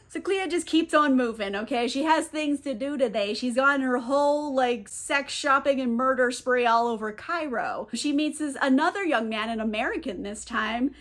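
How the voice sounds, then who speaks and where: A woman vlogger recapping a novel with a chatty, irreverent flow. She peppers it with "like" and asides. Her voice sits high. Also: lively intonation, normal speed, few pauses, fairly bright tone. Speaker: book reviewer. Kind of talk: casual book recap.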